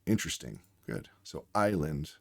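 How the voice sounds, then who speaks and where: A man's voice: very deep voice, sing-song, normal speed, creaky, a bit bright, dry recording. A man working as a reading tutor, patiently explaining word spellings while acting out both teacher and student. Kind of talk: instructional demonstration.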